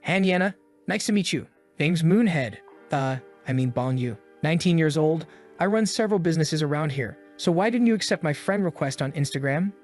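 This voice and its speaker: A man's voice: fairly high pitch, expressive, a little fast, darkish tone, faint music behind, lightly acted. A man reading the lines of a smug, chubby teenage gang boss who is boastful and pushy.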